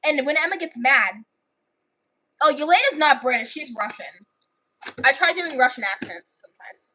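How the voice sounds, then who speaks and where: Bright, high-voiced woman rambling through a story. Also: lively intonation, normal speed, slight background noise, low-quality recording. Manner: rambling, lots of fillers and restarts. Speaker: livestreamer. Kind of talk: casual storytelling livestream.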